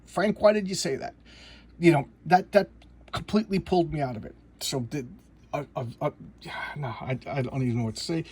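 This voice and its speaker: A man casually recapping and reviewing a comic book, rambling and halting with frequent restarts and chuckles. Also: fairly high pitch, animated, darkish tone, a little hiss or hum.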